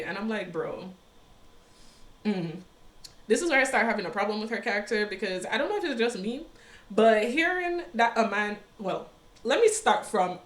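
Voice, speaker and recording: A young woman casually recapping a series, sassy and animated, with slang and quick asides. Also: mid-range voice, echoey room. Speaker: recap vlogger.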